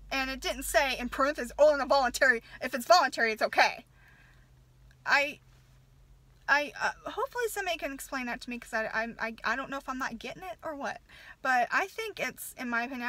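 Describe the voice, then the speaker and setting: High bright furious woman ranting. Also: no echo. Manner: furious, profane, stumbling restarts. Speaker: vlogger, mother. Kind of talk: angry casual rant.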